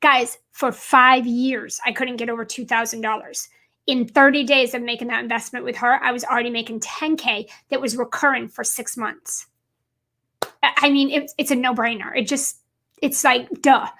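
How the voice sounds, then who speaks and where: A woman with a high, bright voice and a gravelly edge gives a motivational talk straight to camera. She speaks as a business coach, emphatic and repetitive, driving her points home and calling her viewers guys. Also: steady tone, moderate pace.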